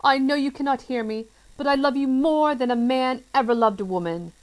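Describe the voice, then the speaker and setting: A woman voicing a cheerful, dotty man from a children's storybook who talks in an excitable, flowery, theatrical way. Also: very high-pitched, fairly quick, voice pushed up, rough recording. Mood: lovestruck.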